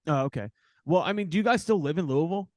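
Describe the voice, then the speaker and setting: A man's voice: a little high, expressive, quick pace, dry recording. A man from Philadelphia hosting a casual interview, talking loosely with lots of fillers and swearing. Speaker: podcast host. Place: backstage studio.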